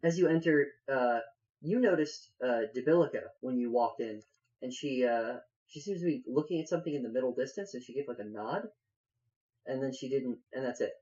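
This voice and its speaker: A man narrating a tabletop game as game master, halting with many fillers. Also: medium pitch, darkish tone, lo-fi sound.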